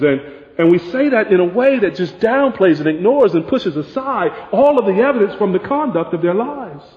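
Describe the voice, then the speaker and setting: A man preaching with a high, highly animated voice that swings from hushed lows to forceful peaks. The sound is dull and lo-fi, with a long reverb that rings through a large hall. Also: normal speed. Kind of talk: sermon.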